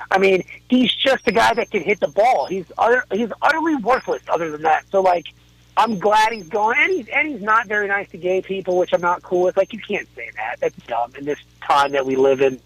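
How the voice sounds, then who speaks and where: Caller: middle-aged man, high gravelly voice, dry close sound, swearing rants. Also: a bit bright, no room sound, poor audio. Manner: profane, ranting storyteller. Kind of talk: casual chat. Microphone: phone call.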